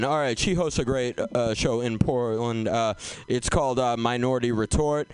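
A man's voice: mid-range voice, moderate pace, a little hiss or hum. A man hosting a comedy show and telling a stand-up story in a loose way, with lots of fillers. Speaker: comedy show host and comic.

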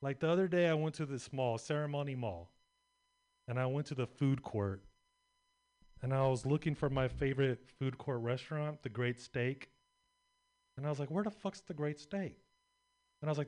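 A man's voice: mid-range voice, fairly quick. A young adult man doing a stand-up set, rambling and crude with lots of filler words. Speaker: stand-up comedian.

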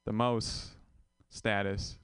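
A man's voice: lowish voice, flat delivery, very slow, a bit bright, clean tone, dry recording. A young Vietnamese-born man doing a stand-up set, wry and self-mocking, rambling into asides to the crowd. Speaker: stand-up comedian.

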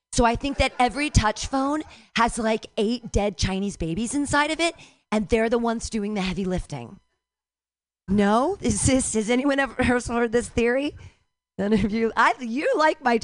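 A woman's voice: a little high, dry recording. A woman in her fifties doing a stand-up comedy set, rambling, irreverent and self-mocking.

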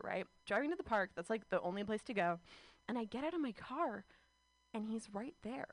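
A woman's voice: a little high, no room sound. A woman in her thirties from California doing a stand-up comedy set, rambling and self-mocking, full of "like"s. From California, United States.

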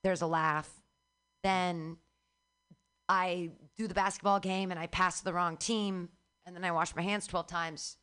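A woman's voice: on the low side, fairly even intonation, unhurried, fairly bright tone, clean tone. A woman hosting a comedy show, chatting casually and rambling, laughing often. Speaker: host. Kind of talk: casual chat.

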